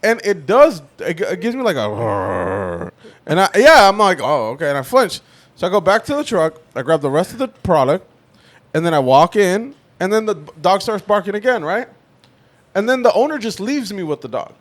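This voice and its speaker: A man's voice: high voice, big pitch swings, moderate pace. A young man on a podcast, telling a story in casual chat, swearing and acting out the voices of the people in it. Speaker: podcast co-host.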